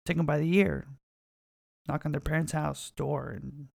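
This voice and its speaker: Gravelly, profane young man rambling. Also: on the high side, steady tone, normal speed, long pauses, no echo, studio quality. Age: 20s. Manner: rambling, profane, restarts often. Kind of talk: casual solo rant.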